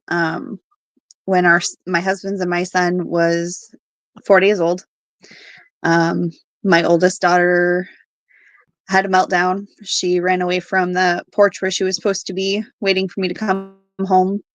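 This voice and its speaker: A woman's voice: fairly low pitch, dry recording. Woman telling a painful family story, dry sound. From Alaska. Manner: halting, with fillers and quoted dialogue. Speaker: guest telling her story. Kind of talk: personal story told on a podcast.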